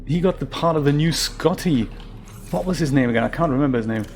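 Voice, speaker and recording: A man's voice: on the high side, fast, a little mellow, a little hiss or hum. A man giving casual, rambling commentary while playing a game, chatting freely and laughing easily. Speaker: game streamer.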